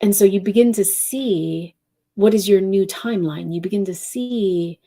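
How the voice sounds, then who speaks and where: A woman giving an intuitive live-stream reading, speaking softly and directly to viewers, wandering between thoughts. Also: mid-range voice, normal speed. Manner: reads out viewer questions. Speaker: intuitive reader and channeler.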